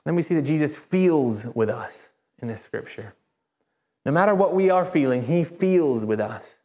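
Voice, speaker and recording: A man preaching a sermon as a pastor, speaking conversationally and emphatically, with repeated phrases and animated rises. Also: on the high side, moderate pace. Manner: animated, rises sharply when excited. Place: church.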